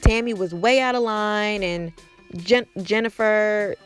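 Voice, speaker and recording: A woman's voice: medium pitch, takes it slowly, smooth, soft background music. Chatty woman recapping TV gossip. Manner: chatty, gossipy, sassy asides. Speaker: recap podcast host. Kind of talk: casual TV episode recap.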